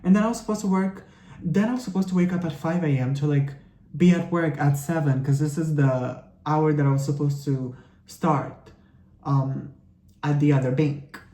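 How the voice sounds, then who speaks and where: A man's voice: a little high, normal speed, mellow. Sassy, profane young man ranting. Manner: sassy, profane and rambling, with constant filler "like". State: tired and a bit sick. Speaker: vlogger. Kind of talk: get-ready-with-me rant. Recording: echoey room.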